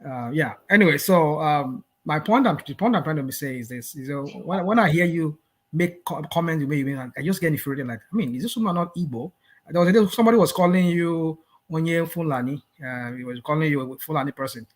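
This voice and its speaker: An older man arguing in a live panel debate, hesitant and measured, with many restarts. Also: on the high side.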